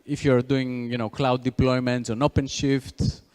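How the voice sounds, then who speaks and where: A man's voice: medium pitch, flat delivery, unhurried, darkish tone. Brief: Greek-accented male conference speaker, filler-heavy delivery, reverberant hall. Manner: frequent "you know" fillers, restarts. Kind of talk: tech conference talk.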